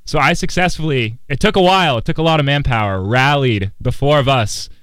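A young college guy hosting a laid-back radio chat, rambling and playful. His voice sits in an ordinary middle pitch, recorded close and dry. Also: fairly quick, a bit bright, clean tone, no room sound. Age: young adult. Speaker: college radio show host. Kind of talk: casual chat.

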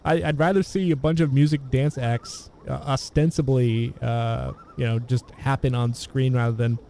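Mellow-voiced man, rambling film talk. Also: mid-range voice, fairly even intonation, slight background noise. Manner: meandering, halting, many restarts. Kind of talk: casual film discussion.

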